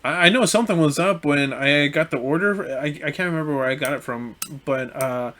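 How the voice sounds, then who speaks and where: A man's voice: on the high side, fairly quick, slight background noise. Young man rambling through a story. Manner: relaxed, hesitant, many fillers. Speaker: podcast co-host. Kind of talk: casual storytelling chat.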